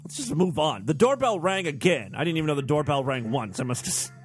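A man's voice: medium pitch, lively intonation, quick pace, faint music behind. Sarcastic man reading a story aloud. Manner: sarcastic, laughing at the text. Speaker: host reading stories. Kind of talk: comedic reading with asides.

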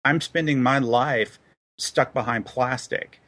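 A man's voice: mid-range voice, slow, a bit bright, no echo. Hesitant man talking with many fillers. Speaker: interview guest. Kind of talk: casual podcast conversation.

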